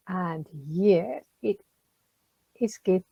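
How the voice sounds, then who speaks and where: A woman's voice: medium pitch, measured pace, warm tone, no echo, lo-fi sound. A woman, a social worker giving a chatty, encouraging tutorial to a group, with many ums and questions to her listeners. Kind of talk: casual recorded tutorial.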